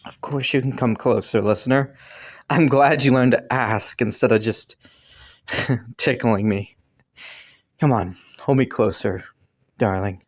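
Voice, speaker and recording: A man voicing Killua as a devoted young boyfriend in a romantic listener role-play audio, talking softly with many sighs and little laughs. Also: mid-range voice, steady tone, unhurried. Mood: tender teasing. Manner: soft, sighing, breathy little laughs. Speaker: voice actor.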